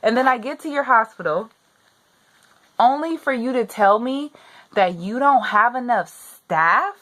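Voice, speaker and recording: A woman's voice: a little high, animated, a little slow, bright, forceful tone. A young pregnant woman venting her frustration in a personal rant to the camera, repeating herself as she gets upset. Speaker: vlogger.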